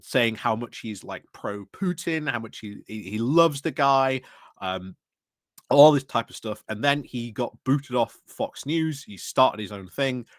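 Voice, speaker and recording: A man's voice: medium pitch, lively intonation, a little slow, no room sound, studio quality. Man chatting loosely about politics. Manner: rambling, frequent fillers and restarts, laughs while talking. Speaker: podcast panelist. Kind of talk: casual political chat.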